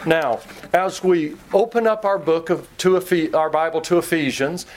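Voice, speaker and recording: A man's voice: fairly high pitch, normal speed. A man with a Kentucky accent preaching a sermon in a conversational way, teasing himself and acting out little scenes for the congregation.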